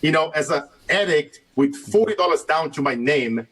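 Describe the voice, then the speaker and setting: A Brazilian-accented man in his thirties tells his story as an interview guest, laughing often and bending English grammar as he goes. His voice sits a touch high for a man and carries a husky, breathy edge. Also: moderate pace, rough recording. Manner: animated, laughs often, non-native grammar. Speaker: guest, sales and life coach.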